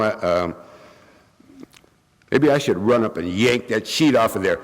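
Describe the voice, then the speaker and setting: This Californian man's voice sits on the low side, with lively intonation, a normal pace, and long pauses. Suffering from bronchitis, he coughs occasionally while giving a recovery meeting a funny, self-deprecating story, performing the quotes as he goes. The room is an echoey hall.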